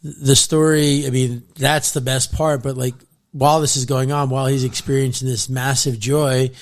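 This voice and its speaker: A man from New Jersey, here as a podcast guest, tells fishing stories in a loose, animated way. His voice sits in a middle register, and he keeps breaking into laughter and leaving sentences unfinished. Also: medium pitch, moderate pace. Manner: animated, laughing often, trails off mid-sentence. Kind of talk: casual fishing storytelling.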